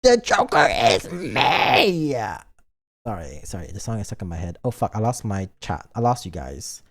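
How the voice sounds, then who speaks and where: A man's voice: low voice, expressive, brisk, mellow. A man streaming a game in a silly, joking and rambling way. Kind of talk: casual game stream chat.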